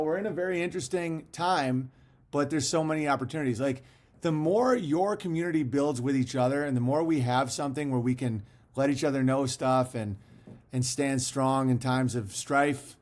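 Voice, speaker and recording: A man hosting a casual livestream and reading viewer messages, talking in a profane, rambling way with frequent laughs while fasting. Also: fairly high pitch.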